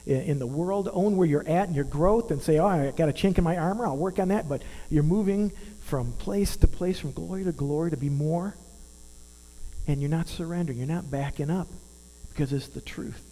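A man in his fifties delivers a sermon in an earnest, conversational way, often putting questions to his listeners. His voice sits a little high but sounds mellow. It rings through a large hall over a faint mains hum. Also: normal speed. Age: 50s. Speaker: preacher.

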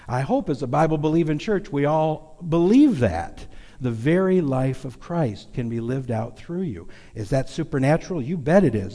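A man's voice: a little high, dark tone, long reverb tail. A man pastor giving a folksy, conversational sermon in a church sanctuary, talking openly to the congregation. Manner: folksy, conversational, confessional preaching.

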